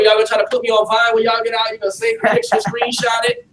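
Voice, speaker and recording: Male pastor, high voice, lively streetwise preaching; distant mic in an echoey room. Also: fast, slight background noise. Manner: streetwise, animated, talks with the audience. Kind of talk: preaching to young people in a facility.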